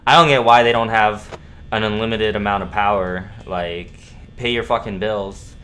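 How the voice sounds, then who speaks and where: A young man streaming a horror game, swearing, repeating himself and yelling at scares. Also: fairly low pitch, steady tone, normal speed, a little hiss or hum. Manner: profane, jumpy, repeats himself, yells at jumpscares. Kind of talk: live gameplay commentary.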